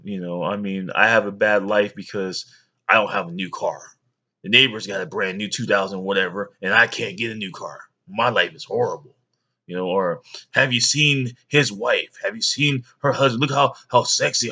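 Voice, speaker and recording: A man's voice: fairly low pitch, normal speed, pushed and bright. A man in his thirties, a father rambling through a childhood story for his young sons, with many fillers. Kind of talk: storytelling home video.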